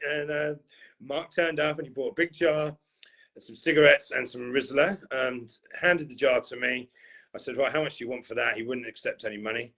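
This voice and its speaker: A man's voice: medium pitch, steady tone, normal speed, creaky, a bit bright, husky. A man on a podcast, telling a long rambling story in a casual way, full of fillers and restarts. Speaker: podcast co-host.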